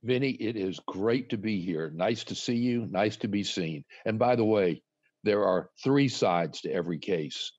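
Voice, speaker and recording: A man's voice: on the low side, a little slow, darkish tone, no room sound, muffled recording. A man appearing as a guest attorney, talking with playful wordplay and courtroom flair.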